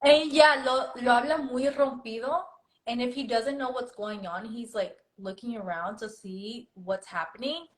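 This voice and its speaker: A young woman in casual conversation, telling family stories with animated energy. Her voice sits a little high, and she slides between English and Spanish mid-sentence. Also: normal speed, low-quality recording. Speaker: guest. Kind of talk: casual chat.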